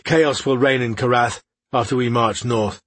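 A man's voice: mid-range voice, fairly even intonation, moderate pace, a bit bright, slightly rough, dry recording. Aladir, a cold old elf commander, as a male narrator voices him. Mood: commanding. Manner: curt, commanding and contemptuous.

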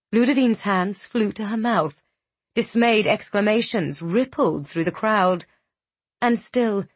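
A woman narrating a fantasy novel with measured, dramatic storytelling. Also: medium pitch, slightly rough, no room sound. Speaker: audiobook narrator.

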